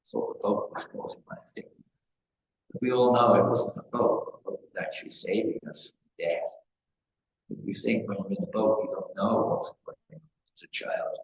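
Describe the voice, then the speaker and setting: A man from England giving a devotional talk as a spiritual teacher, rambling through stories and repeating phrases for emphasis. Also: lowish voice. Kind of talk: devotional discourse. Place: temple hall. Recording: echoey hall with faint noise.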